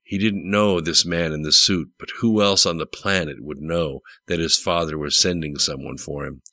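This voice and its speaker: A man narrating an audiobook with steady, plain storytelling. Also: rumbling low, normal speed.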